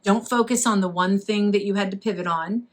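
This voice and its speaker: A woman's voice: mid-range voice, brisk. A woman co-hosting a casual chat, an encouraging voice teacher who laughs often. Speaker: co-host, voice teacher.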